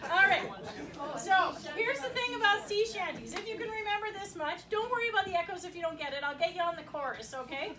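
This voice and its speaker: A woman's voice: very high-pitched, animated, brisk. A Canadian woman folk singer singing and chatting with her audience at a live cafe concert. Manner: chatty, laughing, coaxing the audience to sing along. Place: small cafe venue with audience. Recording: roomy live recording from a distance, with crowd and music.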